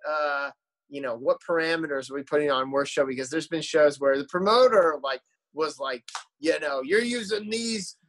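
A man chatting loosely on a podcast about life on tour. He rambles and circles back, full of fillers and restarts, in a slightly higher-than-average voice. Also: moderate pace, a bit bright. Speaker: musician guest. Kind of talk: casual podcast chat.

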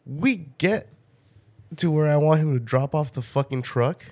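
A man hosting a podcast, telling a story in a loose, profane, animated way and often breaking into laughter. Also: on the high side, moderate pace. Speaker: podcast host. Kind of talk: casual storytelling chat.

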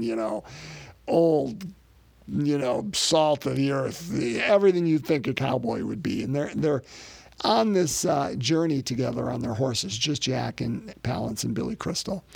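A man's voice: mid-range voice, vocal fry, a little mellow, slightly rough, dry recording. A man preaching a sermon as a pastor, in a conversational way that repeats words and speaks straight to the congregation.

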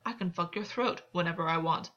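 A woman's voice: on the low side, fairly quick, fairly bright tone, lo-fi sound. A woman reading the lines of a cruel, domineering male king in an audiobook, with a menacing, coldly possessive delivery. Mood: contemptuous.

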